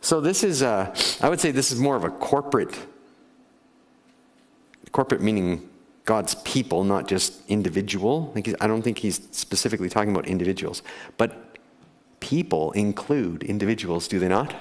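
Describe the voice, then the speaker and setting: A male pastor delivers his sermon in an easy, conversational way, chuckling and putting questions to the congregation. His voice sits on the low side. The sound carries the long reverb of a church sanctuary. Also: expressive, normal speed. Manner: conversational, laughs often, asks the congregation questions.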